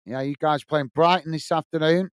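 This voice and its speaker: High, smooth-voiced man hosting. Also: steady tone, normal speed, no echo. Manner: chatty, reads viewer comments aloud and answers them; blunt and opinionated. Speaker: host. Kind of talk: live football watch-along chat.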